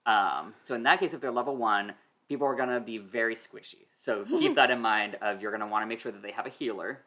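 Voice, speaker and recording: A man in casual podcast chat, giving practical tips on running games, with fast asides and a lot of "like". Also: fairly low pitch, bright, forceful tone.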